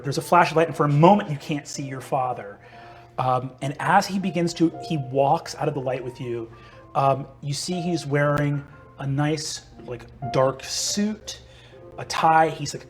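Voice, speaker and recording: A young man narrating as game master, hesitant with lots of ums and uhs. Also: fairly high pitch.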